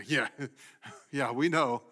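Pastor dropping to a near-whisper. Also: male voice, mid-range voice, extremely slow, breathy edge. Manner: swings from loud emphasis to hushed near-whisper. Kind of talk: sermon.

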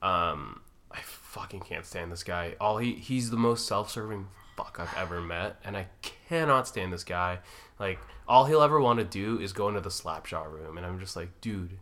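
Bright-voiced Canadian man joking around. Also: sits low, expressive. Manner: joking, self-deprecating, quick asides. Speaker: podcast co-host. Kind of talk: casual banter.

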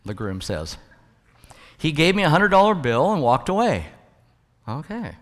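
A man's voice: a little high, very animated, moderate pace, pauses often, fairly bright tone. A male pastor preaching a sermon in a conversational way, with jokes and stories. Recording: long hall reverb.

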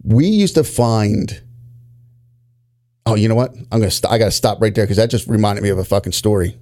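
Mellow-voiced man telling profane stories. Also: lowish voice, brisk. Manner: profane, animated storytelling. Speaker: former police officer telling stories. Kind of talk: casual chat.

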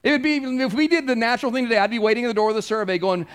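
High-voiced man preaching a conversational sermon. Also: steady tone, very fast, hardly any pauses, a bit bright, smooth. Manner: conversational preaching, anecdotal and emphatic. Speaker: pastor. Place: church.

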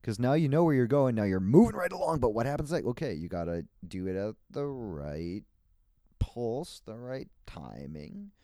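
A man's voice: medium pitch, big pitch swings, normal speed, warm tone, no echo, studio quality. A man hosting a solo podcast, rambling in a playful, meandering way with frequent laughs and restarts. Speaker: podcast host.

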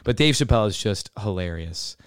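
A man's voice: fairly low pitch, animated, fairly quick, a bit bright, smooth, no echo, clean studio sound. Man rambling in casual commentary. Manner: rambling, filler-heavy. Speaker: podcast host.

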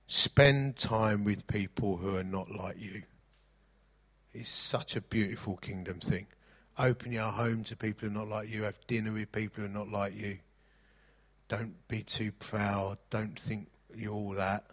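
A man's voice: lowish voice, steady tone, unhurried, fairly bright tone. A middle-aged man preaching a sermon, mixing jokey anecdotes with scripture reading.

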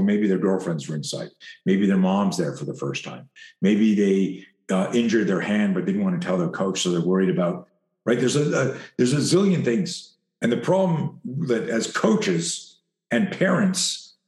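A low-pitched man coaching fighters tells an animated story, swearing freely and acting out what each person said. His voice carries a roomy echo, as if in a bare room. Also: normal speed. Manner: animated, profane, acts out quoted dialogue. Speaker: fight coach and self-defense instructor. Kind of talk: anecdotal storytelling in an interview.

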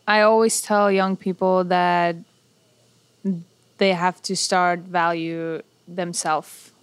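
Woman, chef, interview guest, hesitant restarts, smooth voice, dry sound. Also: fairly low pitch, level tone, slow, no echo. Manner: hesitant, with frequent restarts and filler "uh"; earnest, sincere advice-giving. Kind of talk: casual conversational interview.

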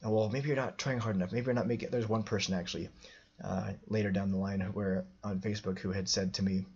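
A man's voice: fairly low pitch, fairly even intonation, fast, a little mellow, muffled recording. A man telling a personal story as a podcast host, rambling with many restarts and fillers.

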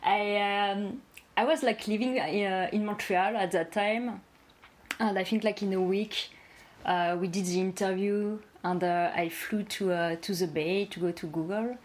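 A young woman with a French accent, a guest in a remote interview, talking in a halting way full of fillers and laughing at herself. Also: medium pitch, steady tone, darkish tone. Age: young adult. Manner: self-deprecating, halting with fillers. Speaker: guest, production designer. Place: home, talking over a video call. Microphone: video call mic.

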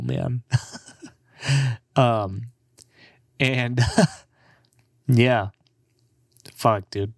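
A man's voice: mid-range voice, fairly bright tone, no room sound, clean studio sound. A young man in his twenties, a comedian, rambling casually in a profane, laid-back way and laughing often.

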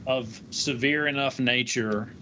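A man, a defense lawyer co-hosting a podcast, talking in an animated, chatty way with lots of hedging fillers. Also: mid-range voice, unhurried. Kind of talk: conversational legal podcast discussion. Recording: dull lo-fi audio with faint noise.

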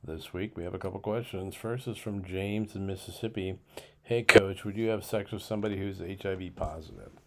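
Very deep gravelly older man, frank. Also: fairly even intonation, a little fast, heavy background noise. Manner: frank, conversational. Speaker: podcast host. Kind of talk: casual advice segment.

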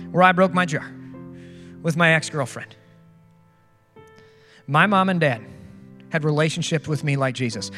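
A man's voice: high-pitched, fairly bright tone, long reverb tail. A male pastor preaching a sermon in an earnest, conversational way, often asking rhetorical questions.

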